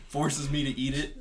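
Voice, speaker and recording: A young man telling a story in casual comedy podcast banter, laughing often. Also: on the high side. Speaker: podcast guest.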